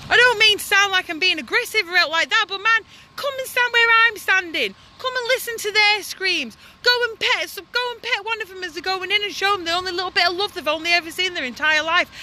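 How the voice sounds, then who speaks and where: A woman's voice: very high-pitched, pushed and bright, slight background noise. A woman activist delivering an angry, impassioned vlog monologue outdoors by a slaughterhouse in the hail and rain. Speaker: animal rights activist.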